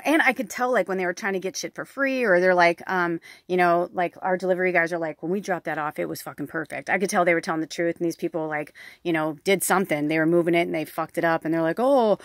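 A woman's voice: on the low side, dry recording, studio quality. A woman in her thirties, a spiritual medium giving a casual, frank reading, swearing freely and telling her own stories with lots of fillers. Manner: frank, profane, animated storytelling.

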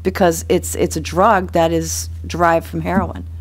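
A man's voice: fairly high pitch, little pitch movement, normal speed. A man, a county official, speaking bluntly at a public meeting and pressing pointed rhetorical questions.

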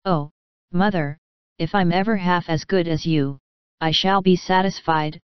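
Earnest fiery teen girl, a woman reading her, smooth low-ish voice, kinda dull lo-fi sound. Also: measured pace, no room sound, close to an everyday voice. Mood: touched. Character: hot-tempered teenage girl, earnest. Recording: slightly dull lo-fi audio.

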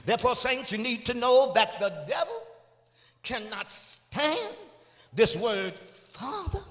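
High-voiced man preaching a slow, lively sermon. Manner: call-and-response preaching with frequent "uh" and "amen"; drawn-out emphatic phrases, rising to shouts. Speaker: evangelist preacher. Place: church sanctuary. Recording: live church recording with long hall reverb.

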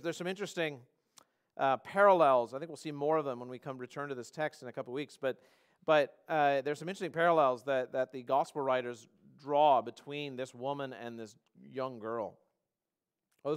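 A male pastor giving a church sermon, earnest, often restarting phrases and slowing down to stress a point. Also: fairly high pitch, clear, resonant tone. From Canada. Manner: earnest, repeats words and restarts phrases, slows for emphasis.

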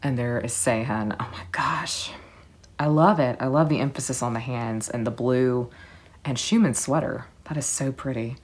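A woman narrating an unboxing video, soft-spoken and gushing, moving between quiet murmurs and excited exclamations. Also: rumbling low, normal speed. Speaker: vlogger.

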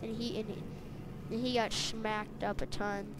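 Brief: woman, slow-paced excited game narration, loud noise behind, sound effects between lines. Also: medium pitch. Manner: blurts sound effects and breathless play-by-play.

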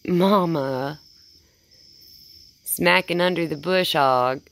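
A woman talking casually and cooing praise in a soft, baby-talk tone, outdoors at night. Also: sits low, drawn-out words, gravelly. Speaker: vlogger. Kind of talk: casual talk to a wild animal.

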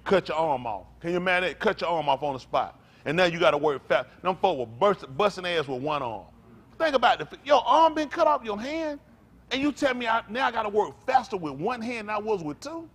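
An older pastor delivers a fiery, profane rant, animated and brisk, lurching between loud outbursts and low, weary mutters.

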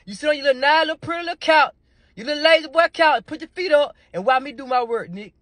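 High-voiced stammering man ranting. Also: fast, a bit bright, dry recording. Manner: stammering repeats, heavy cursing, pleading. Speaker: comedian doing a ranting phone call. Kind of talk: comic rant.

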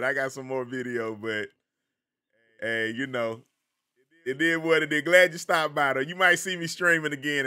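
A man's voice: medium pitch, bright, forceful tone. A man with a Southern American accent, from the Carolinas, casually chatting with viewers by name while streaming a game. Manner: laid-back, chatty, greets viewers by name.

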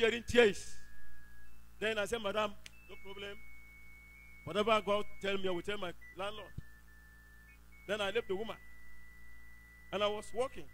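A high-voiced man with a Nigerian accent tells his faith story to a congregation. His tone is bright and forceful, and his telling is emphatic, with exclaimed praise along the way. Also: a little hiss or hum, poor audio. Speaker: church member giving testimony. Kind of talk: church testimony.

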